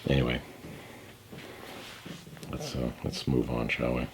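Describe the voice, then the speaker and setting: A man's voice: very deep voice, little pitch movement, a little slow, noisy background. A man in his forties hosting a music reaction video, talking casually with wry, sarcastic asides. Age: 40s.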